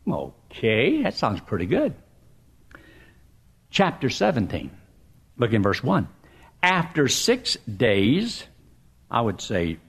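A man's voice: lowish voice, husky. A man preaching a sermon, reading scripture aloud and explaining it in a folksy, emphatic way.

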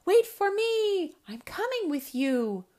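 A woman's voice: very high-pitched, extremely slow, pitched above the performer's own voice, heavily acted. A woman voicing a tiny, determined little male owlet in a storybook, chirpy and eager. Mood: excited. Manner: chirpy, eager, shouting with excitement. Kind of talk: storybook reading.

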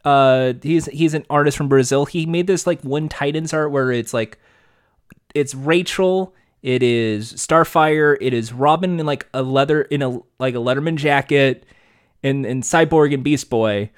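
A man with a somewhat high voice rants in casual podcast chat, animated and quick to swear. He talks fast and keeps going once he gets worked up. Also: clear, resonant tone. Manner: animated, ranting, swears freely. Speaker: podcast co-host.

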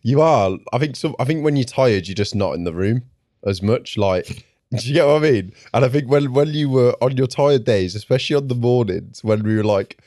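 A man's voice: medium pitch, lively intonation, moderate pace, mellow, dry recording, clean studio sound. A man guesting on a podcast, bantering and teasing his friend between laughs. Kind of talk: casual chat.

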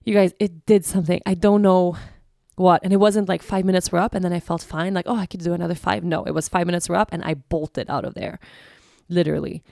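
A woman hosts her podcast, thinking aloud in a candid, searching way and often circling back to restart a thought. Her voice sits low and is thick with gravelly fry. The sound is dry and close, with no room around it. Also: steady tone, quick pace, darkish tone, no room sound. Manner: candid, searching, many restarts and "you know". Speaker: podcast host. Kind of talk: reflective personal monologue.

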